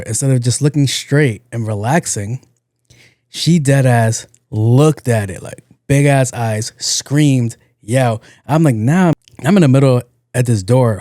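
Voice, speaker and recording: A young man hosting a podcast, telling a story in a loose, animated way, acting out the people in it and laughing along. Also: mid-range voice, no room sound, studio quality. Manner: animated, acts out quotes, laughs at own story. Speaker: podcast host. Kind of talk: casual comedic storytelling.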